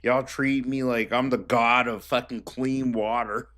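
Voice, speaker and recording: A man's voice: mid-range voice, fairly even intonation, unhurried, very noisy. A man ranting casually and profanely while reacting to clips on his stream. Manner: profane, rambling, emphatic. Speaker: streamer commentator. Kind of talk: casual commentary rant.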